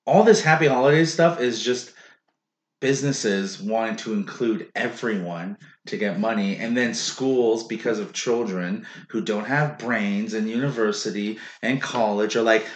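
A man's voice: lowish voice, unhurried. A man co-hosting a casual podcast, blunt and profane, ranting with strong opinions. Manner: blunt and profane, animated rants. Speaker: podcast co-host. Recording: echoey room.

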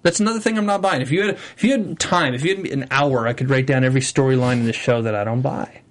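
A young man co-hosting a TV after-show in casual chat, enthusiastic and emphatic, talking in quick bursts. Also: mid-range voice.

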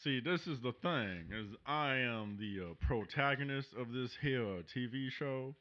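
A man's voice: mid-range voice, unhurried, a bit bright, voice pushed down, natural voice. A man voicing a proud, folksy Southern cowboy with a drawl and a habit of saying "if I do say so myself", on dull lo-fi audio.

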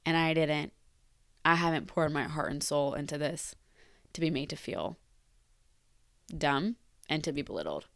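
A woman's voice: deep voice, expressive, measured pace, long pauses, fairly bright tone, no echo, studio quality. A woman in her twenties, a teacher, talking candidly and reflectively about her job in a personal vlog, repeating words for emphasis. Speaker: teacher leaving the profession.

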